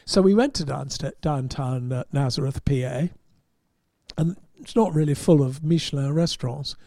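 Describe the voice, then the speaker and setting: An English man recounts a story in a chatty, self-deprecating way, often laughing at himself. His voice sits a little high yet sounds mellow, and the recording is dry and close. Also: normal speed, no room sound. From England. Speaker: motorsport journalist. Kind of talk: storytelling anecdote.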